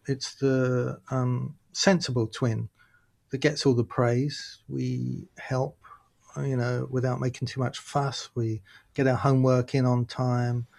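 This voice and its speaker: A man, a guest in a casual interview, talking in an animated storytelling way and laughing often. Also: medium pitch, gravelly. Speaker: guest, workshop leader.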